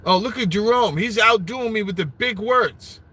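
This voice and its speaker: High, bright-voiced man ranting in his car. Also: normal speed, no echo. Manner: loud, swearing, joking rants with bursts of laughter. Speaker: livestream host. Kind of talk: profane live-stream rant. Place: sitting alone in his car.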